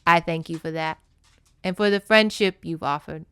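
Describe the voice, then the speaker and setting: A woman reading the lines of a gentle alien man living in a human body, in a solemn, earnest tone. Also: low-pitched, moderate pace, clean tone, no room sound, studio quality, voice pushed down.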